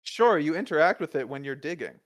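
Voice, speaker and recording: A man in casual livestream chat, deadpan and teasing. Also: a little high, a little fast.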